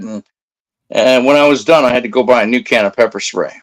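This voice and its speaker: A man's voice: medium pitch, brisk. A man in his fifties who works as a security guard, telling a story in blunt, profane, combative casual talk. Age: 50s.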